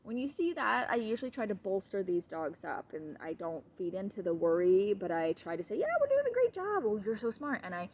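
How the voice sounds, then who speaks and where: A woman explains dog body language in an easygoing, talkative way. Her pitch sits in an ordinary middle range, and she drifts into side stories before coming back to the point. It sounds like a casual lesson recorded at home. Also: a little fast, hardly any pauses, slight background noise. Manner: chatty, digressive, switches to high baby talk with her dog. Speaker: dog trainer.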